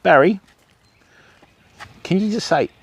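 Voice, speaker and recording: A man's voice: medium pitch, animated, normal speed, no room sound. An Australian man hosting a live stream outdoors at a wildlife park, chatting with viewers and talking up to the animals in a raised voice. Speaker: livestream host.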